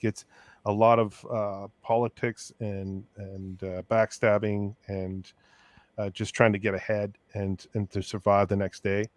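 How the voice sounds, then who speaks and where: A man's voice: fairly low pitch, dry recording. A man hosting a casual review chat, recapping scenes in a rambling way with many fillers. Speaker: podcast host.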